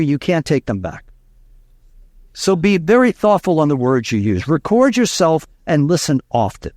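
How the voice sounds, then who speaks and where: A man's voice: a little high, a little mellow, dry recording, clean studio sound. A man from Louisiana, a speaking coach telling stories in an interview, emphatic and repeating key lines. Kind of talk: interview storytelling.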